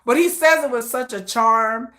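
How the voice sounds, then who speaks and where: Bright, chatty woman livestreamer. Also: fairly high pitch, normal speed. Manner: chatty, laughs often, animated asides; slangy, conversational. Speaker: livestream host. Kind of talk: casual livestream chat.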